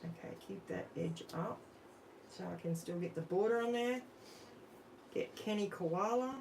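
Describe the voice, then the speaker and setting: A woman's voice: mid-range voice, a little slow, vocal fry, darkish tone, a little hiss or hum, low-quality recording. An Australian woman hosting a live crafting stream, chatting casually with her viewers while she works. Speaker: crafting livestream host.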